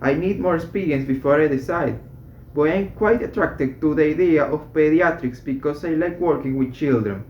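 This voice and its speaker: A man's voice: on the high side, normal speed. Man, textbook reading, careful, some restarts, muffled lo-fi recording, faint background noise. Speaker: student reading textbook exercises. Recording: echoey room, dull lo-fi sound, faint noise.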